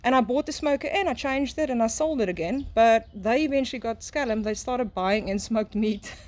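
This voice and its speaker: A middle-aged woman from South Africa with an Afrikaans accent, slightly high-pitched, chatting outdoors in a garden. She tells stories with a lively, laughing manner. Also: moderate pace. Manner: chatty storyteller, laughing often. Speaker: guest, braai and smoking teacher. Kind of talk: casual chat.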